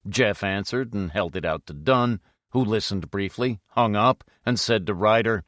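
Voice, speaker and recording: Guy narrating an audiobook, low bright voice, dry close recording. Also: normal speed, no echo. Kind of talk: scripted narration.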